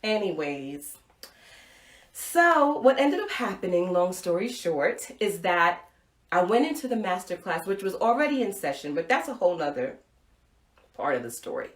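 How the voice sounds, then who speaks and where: A middle-aged woman hosting a live show, telling a personal story with playful, expressive swings between loud and soft. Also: lowish voice, normal speed, reverberant. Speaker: live show host and speaker.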